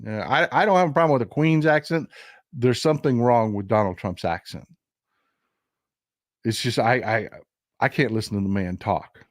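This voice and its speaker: Speaking directly to his viewers, a Texan livestream host gives casual political commentary, emphatic and prone to repeating and restarting. His voice is mid-range, at normal speed with frequent pauses. The audio is studio quality with no room sound.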